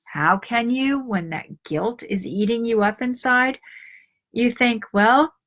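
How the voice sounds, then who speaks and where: A woman's voice: on the high side, takes it slowly, fairly bright tone. Middle-aged woman, confiding life coach. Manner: confiding storyteller who acts out quoted voices. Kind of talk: live video talk to an online group.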